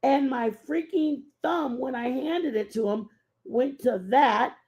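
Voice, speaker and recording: A woman's voice: high-pitched, slow, a little mellow, dull audio. A woman hosting a casual live stream, rambling and chatting with her viewers and answering their messages by name.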